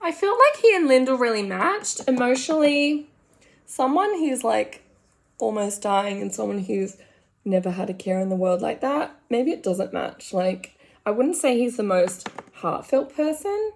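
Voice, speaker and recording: With a fairly high, gravelly, expressive voice, a young Australian woman from the countryside talks at an unhurried pace. She's a makeup vlogger, rambling in frank, casual chatty commentary as she does her makeup at home.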